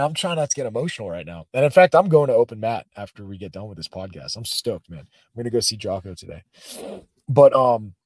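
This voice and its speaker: A man's voice: medium pitch, no echo. A man, a podcast guest and former soldier, telling stories in a casual, emotional way, full of "bro" and "man". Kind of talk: casual storytelling.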